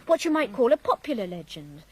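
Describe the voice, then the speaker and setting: A woman's voice: a little high, very animated, a little fast, husky, poor audio. An actress playing a playful, teasing young woman from an old family in a radio drama, telling a yarn. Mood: storytelling. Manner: teasing, lilting, storytelling. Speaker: Miss Raven.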